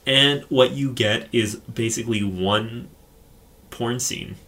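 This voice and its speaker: A man's voice: mid-range voice, slow pace, bright, forceful tone. A man co-hosting a podcast, retelling a film in casual, profane chat. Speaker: podcast co-host.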